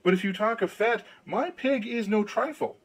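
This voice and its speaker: A man's voice: sits high, moderate pace, slightly rough, pitched above the performer's own voice, rough recording. A man voicing a simple, cheerful young man who is easily pleased, in an eager, naive manner.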